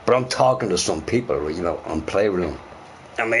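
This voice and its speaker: A man's voice: low-pitched, lively intonation, fairly quick, slight background noise. Rambling, swearing middle-aged man streaming. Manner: rambling and profane, repeating himself. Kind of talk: casual live-stream chat. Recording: faint music behind.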